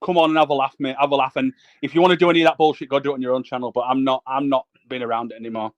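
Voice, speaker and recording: A man's voice: mid-range voice, fairly even intonation, very fast, lo-fi sound. A man on a livestream panel, blunt and sweary, repeating himself insistently. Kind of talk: heated livestream panel chat.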